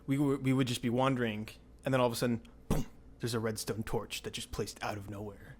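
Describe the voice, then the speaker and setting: Young guy rambling thru a story on a podcast, gets all hyped, average pitch. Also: fast. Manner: excitable, rambling, filler-heavy. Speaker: podcast host. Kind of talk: casual storytelling chat.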